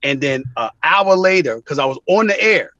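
Male sports commentator as guest, raised pitch, dry, animated, emphatic storyteller. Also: normal speed, no room sound, dull audio. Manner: emphatic, acts out quoted calls with big pitch swings.

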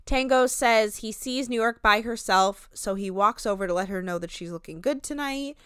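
Young woman, casual podcast chat, chatty retelling, smooth clear voice, close dry sound. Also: a little high, normal speed, no echo. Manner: chatty, animated retelling, frequent "like", acts out quotes. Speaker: podcast co-host recapping a reality show.

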